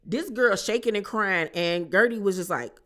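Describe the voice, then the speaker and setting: A woman's voice: medium pitch, moderate pace. A woman casually recapping a reality show on her channel, chatty and slangy, acting out what people said. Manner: animated, chatty, slangy, acts out quotes.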